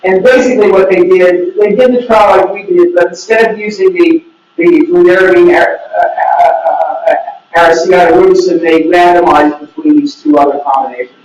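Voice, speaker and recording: A man's voice: high-pitched, fairly even intonation, moderate pace, a little mellow, muffled recording. Wry man lecturing in an echoey room. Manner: wry, opinionated, joking asides. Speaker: researcher presenting. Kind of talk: academic conference talk. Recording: echoey room, mic from far off.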